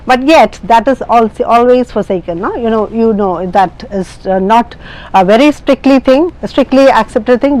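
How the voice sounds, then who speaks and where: A woman's voice: on the high side, darkish tone, low-quality recording. A woman with an Indian English accent, teaching an IELTS speaking lesson in an explanatory way, with many fillers and restarts. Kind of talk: classroom lecture.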